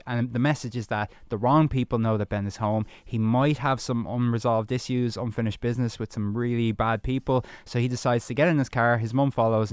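A man, a film critic reviewing movies in a radio studio chat, rattling off fluent plot summaries with quick asides. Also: mid-range voice, clean tone, dry recording.

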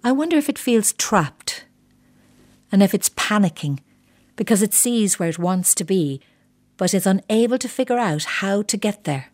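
A middle-aged woman reading a first-person short story in a measured, quietly bitter, reflective way. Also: mid-range voice, animated. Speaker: narrator.

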